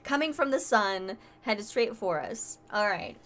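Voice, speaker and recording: A woman's voice: mid-range voice, expressive, unhurried, fairly bright tone. A woman from Northern California hosting a casual space podcast, joking and steering the talk. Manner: playful, jokes and does silly voices. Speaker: host.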